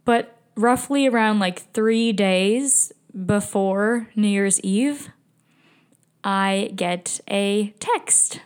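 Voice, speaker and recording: A woman's voice: medium pitch, very slow, clean tone. A woman podcast host telling a painful personal story in a candid, emotional way, with sighs and swearing.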